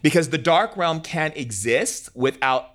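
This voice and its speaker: Earnest, animated man. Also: a little high, unhurried. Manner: animated, earnest, uses "like" a lot, acts out dialogue. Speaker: guest speaking on spirituality. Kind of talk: interview conversation.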